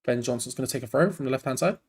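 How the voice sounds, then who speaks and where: Male host, tired, live fan commentary over a match, loose and rambling, medium-pitched voice. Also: rapid-fire, darkish tone, breathy edge. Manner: rambling and frank, cutting between play-by-play and asides. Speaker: host of a fan channel watch-along.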